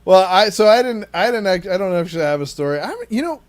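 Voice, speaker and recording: A man's voice: high voice, expressive, fast. A man co-hosting a podcast, telling a family story in a rambling, casual way and laughing easily. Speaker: podcast co-host.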